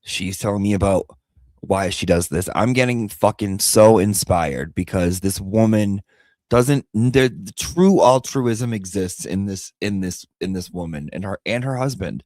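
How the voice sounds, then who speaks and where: A man's voice: sits low, a little slow, darkish tone, no echo, studio quality. A man telling a personal story casually, candid and emotional, repeating himself and swearing now and then. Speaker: vlogger and pet owner.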